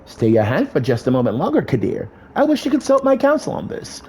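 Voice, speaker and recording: A man's voice: on the high side, huge pitch swings, a little fast, a little mellow, husky, voice pushed up, full character voice. A man putting on a regal female vampire prince. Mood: imperious. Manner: formal, imperious. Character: commanding female vampire prince, elegant and cold. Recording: faint music behind.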